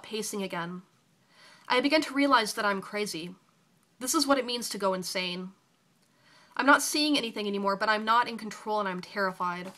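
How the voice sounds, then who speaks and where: A woman's voice: mid-range voice, pushed and bright. A young woman reading aloud her own raw, intense personal story.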